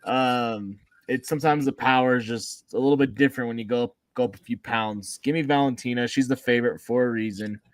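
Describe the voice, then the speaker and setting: A man's voice: medium pitch, a little fast, few pauses, dry recording. A man co-hosting a casual sports podcast, giving his picks in a laid-back, joking way. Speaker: podcast co-host.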